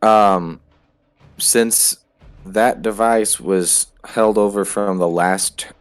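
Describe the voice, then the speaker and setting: Deep-voiced man playing a tabletop game. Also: steady tone, takes it slowly, faint music behind. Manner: thinking aloud, hesitant. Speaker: player.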